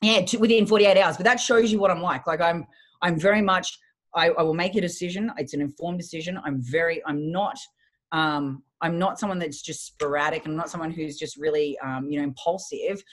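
A woman's voice: lowish voice, fairly quick. Blunt, profane woman coach telling stories. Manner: blunt and profane, animated storyteller. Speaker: guest, fitness coach. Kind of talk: casual interview storytelling.

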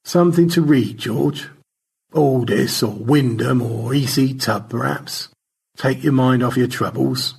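A man's voice: mid-range voice, unhurried, gravelly, darkish tone, slightly rough, pitched above the performer's own voice, heavily acted. A man voicing Stanley, a dry-witted space rescuer who teases in easy banter. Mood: teasing.

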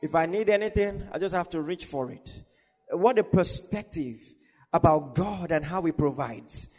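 A man preaching a sermon with fervour, swinging from shouted declarations to soft, laughing asides. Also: a little high, expressive, moderate pace. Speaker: pastor. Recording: long reverb of a large hall.

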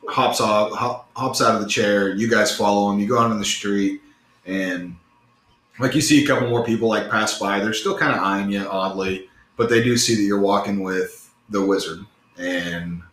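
Rambling bright-voiced male game master. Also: fairly low pitch, steady tone, moderate pace, slight background noise. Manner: rambling, filler-heavy narration. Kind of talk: narrating a tabletop game. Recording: echoey room.

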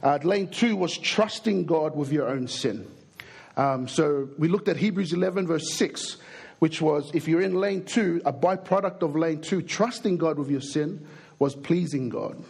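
Husky Australian preacher telling stories. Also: male voice, a little high, measured pace. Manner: animated, jokey storyteller, acts out quotes. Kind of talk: sermon with storytelling.

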